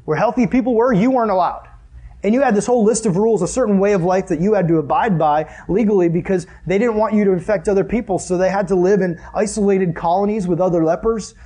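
Husky, high-voiced earnest young preacher. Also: male voice, fast talker, warm tone. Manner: earnest, conversational preaching with rhetorical questions. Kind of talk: sermon.

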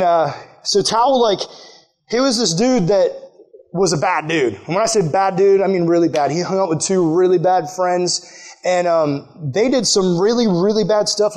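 A man giving a casual youth sermon, telling a story with animated, slangy delivery and acting out the people in it. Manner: animated storytelling, acting out characters with sudden high-pitched quotes; casual, slangy, addresses the audience directly. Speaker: youth pastor.

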